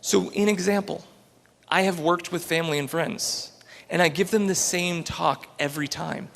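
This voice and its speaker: Male speaker, gravelly, slightly high voice, inspirational talk, reverberant auditorium. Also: steady tone, normal speed, a bit bright. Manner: earnest and storytelling. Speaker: entrepreneur giving a talk. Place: large auditorium stage.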